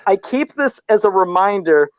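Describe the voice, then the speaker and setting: A man's voice: sits high, lively intonation, moderate pace, dry recording. Rambling self-deprecating man guest. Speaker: guest, custom figure sculptor. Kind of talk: casual podcast chat.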